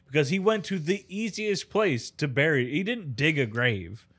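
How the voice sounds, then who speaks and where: Bright, lively man cursing through a recap. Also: a little high, slightly rough. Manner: profane, emphatic, quick to agree. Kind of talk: casual movie recap chat.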